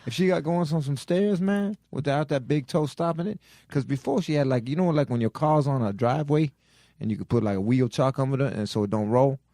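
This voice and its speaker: A man spins a comic story in a drawling, exasperated voice, coming back to the same phrase again and again. His voice sits at a middle pitch. The recording is close and dry. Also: fairly quick, mellow, no room sound. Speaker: podcast co-host. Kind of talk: comedic storytelling.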